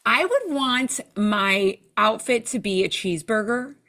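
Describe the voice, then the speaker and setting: A woman guest in a casual interview, telling lively stories and acting out what people said. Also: fairly high pitch, measured pace. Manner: animated storyteller, acts out quoted lines. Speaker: TV show judge, interview guest.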